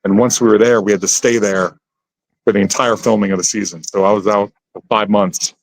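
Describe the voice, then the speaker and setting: Animated man telling stories. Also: fairly low pitch, fairly quick, gravelly, low-quality recording. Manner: animated, acts out voices in his anecdotes. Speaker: actor guest. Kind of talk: casual interview storytelling.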